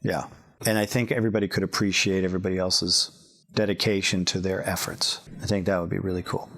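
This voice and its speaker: A middle-aged man hosting a casual chat, playful and quick to laugh, now and then slipping into character voices. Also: low voice, level tone, fairly bright tone. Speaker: podcast host.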